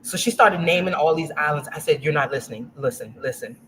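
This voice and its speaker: A woman's voice: low-pitched, fast, low-quality recording. Woman in her 40s telling a story on a show, does all the voices, bit of noise in back. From Louisiana. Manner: animated, acts out quoted voices. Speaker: guest. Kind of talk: casual storytelling.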